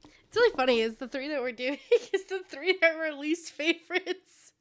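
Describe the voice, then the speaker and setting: A woman's voice: high-pitched, animated, normal speed. A woman co-hosting a podcast who retells a fairy tale in a giggly, rambling way. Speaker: podcast co-host. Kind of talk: casual storytelling chat.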